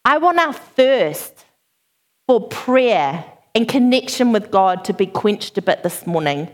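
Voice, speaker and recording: A woman in her thirties giving a sermon, opening with a chatty, animated personal story and frequent laughter. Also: medium pitch, slow pace. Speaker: preacher.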